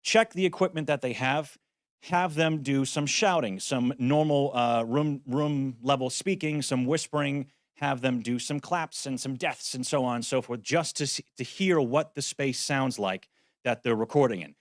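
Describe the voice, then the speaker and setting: A man's voice: mid-range voice, moderate pace, no echo. Guy giving a conference talk on voice acting, wry and practical, dry close sound. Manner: practical, wry, self-deprecating asides. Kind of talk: conference presentation. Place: conference venue.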